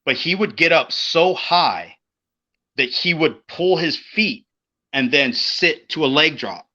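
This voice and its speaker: A middle-aged man co-hosting a casual podcast, telling an old road story in a profane, animated way and acting out the voices of the people in it. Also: fairly high pitch, slow pace. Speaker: podcast co-host, former pro wrestler. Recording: dull lo-fi podcast audio.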